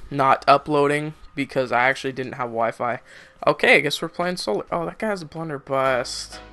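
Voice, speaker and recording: A man's voice: fairly high pitch, creaky, pushed and bright. A young man giving casual, rambling gameplay commentary, getting frustrated and laughing at lag.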